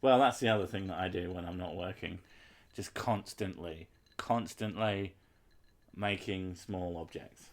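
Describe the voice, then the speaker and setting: Low-voiced, swearing man rambling. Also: measured pace. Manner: rambling, sweary, self-mocking humour. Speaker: game streamer. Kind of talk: casual live-stream chat.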